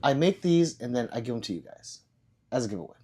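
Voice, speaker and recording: A man's voice: mid-range voice, very animated, fast, a little mellow, slightly rough. A man hosting a casual livestream, rambling loosely and swearing now and then. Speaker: livestream host.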